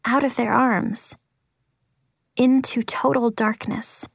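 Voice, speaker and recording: A woman narrating a first-person story as an audiobook, expressive, slowing and softening at tense moments. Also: on the high side, vocal fry, dry recording, clean studio sound. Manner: expressive, slows for tense moments, drops to quiet tones.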